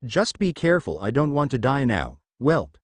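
A man's voice: medium pitch, big pitch swings, normal speed, no room sound. A man voicing a boastful giant male monster king who teases a boy, read from a storybook in a dry room. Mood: gruff teasing. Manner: gloating, calls the boy whelp. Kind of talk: storybook reading.

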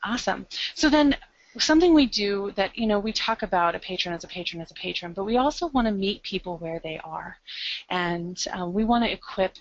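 A woman's voice: mid-range voice, expressive, a little fast. A woman librarian with an American Midwest accent, giving an upbeat, conversational webinar presentation with frequent ums. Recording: dull lo-fi online call audio.

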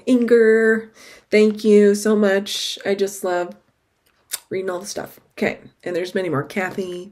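Gushing, excitable woman vlogger. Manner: chatty, excitable, gushing with sudden high exclamations. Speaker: cross-stitch vlogger. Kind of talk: casual chat to camera.

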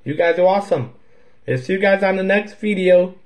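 A man's voice: sits high, brisk, a little mellow, rough recording. A man hosting his own video, wrapping up a silly skit in a playful, goofy way and talking straight to viewers. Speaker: video host. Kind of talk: silly improvised skit and channel outro.

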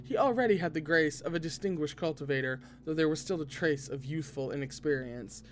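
A man reading a novel aloud expressively, now and then breaking in with excited asides. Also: a little high, brisk, slight background noise. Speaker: podcast reader.

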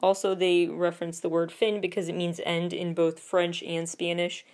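A woman's voice: fairly low pitch, level tone, normal speed, a little mellow. A woman hosting a podcast, giving casual commentary with chatty, opinionated asides. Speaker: podcast host.

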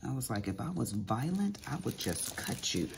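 A woman's voice: rumbling low, sing-song, normal speed, creaky, noisy background. A middle-aged woman chatting casually while crafting at home, telling sassy stories with big swings in her voice. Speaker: crafting vlogger.

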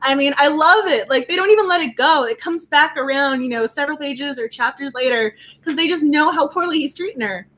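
Woman, book club co-host; high, bright, animated casual talk. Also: a little fast, hardly any pauses. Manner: animated, reads quotes aloud with feeling.

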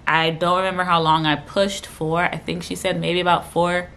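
A young woman chats to her camera, telling a long personal story. She talks fast and rambles with plenty of fillers, her voice a touch low. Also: little pitch movement, creaky, fairly bright tone, a little hiss or hum. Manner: fast, rambling, lots of fillers and quoted dialogue. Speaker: vlogger.

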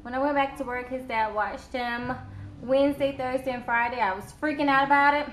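In this casual home vlog, a young woman with a high, brisk, steady-toned voice alternates between baby talk for her infant son and chat aimed at her viewers. She is a vlogger and new mother, and the room echoes, with faint noise in the background.

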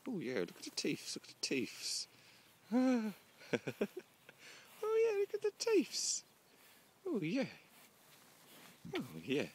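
A man's voice: medium pitch, fairly bright tone. A man chatting casually outdoors in a horse field, joking and swearing lightly as he coos at his horse. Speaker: horse owner filming. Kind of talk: casual chat while filming. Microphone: handheld camera.

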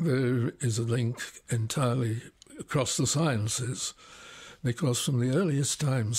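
A man in his nineties recalling his life in an unhurried interview, often pausing with "uh". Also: mid-range voice, a little mellow, husky. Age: 90s. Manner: unhurried storytelling, frequent pauses with "uh". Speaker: interviewee, retired scientist and magician. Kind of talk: reminiscing interview.

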